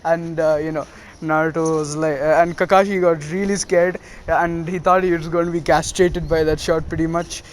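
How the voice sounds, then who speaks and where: A man's voice: fairly high pitch, flat delivery, moderate pace, a little hiss or hum. A young man casually retelling a fan story, rambling with lots of fillers and little laughs.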